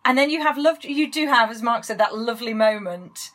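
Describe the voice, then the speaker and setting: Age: adult. Sex: woman. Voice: high and husky. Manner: blunt, chatty, laughing podcast co-host. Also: a little fast, a bit bright. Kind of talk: casual chat.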